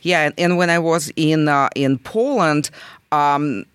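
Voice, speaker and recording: Earnest Russian-accented man, halting speech. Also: on the high side, fairly bright tone, clean tone, dry recording, clean studio sound. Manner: earnest, halting, many restarts and fillers. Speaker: guest. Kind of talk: interview conversation.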